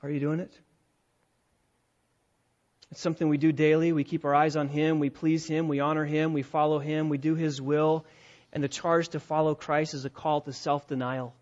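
Emphatic preacher man, dull lo-fi sound. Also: a little high. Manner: emphatic, swings between hushed and loud, rhetorical questions. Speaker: pastor. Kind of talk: sermon. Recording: dull lo-fi recording.

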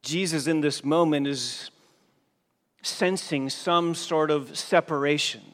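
A male pastor preaching a sermon, dropping to a hush and then rising to loud, forceful emphasis. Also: fairly high pitch, takes it slowly. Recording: long hall reverb.

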